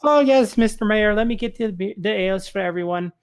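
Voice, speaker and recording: A man's voice: sits high, a little fast, clear, resonant tone, voice pushed up. A man doing a lilting Irish innkeeper lady. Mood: cheerful. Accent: soft Irish (put on). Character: friendly female innkeeper.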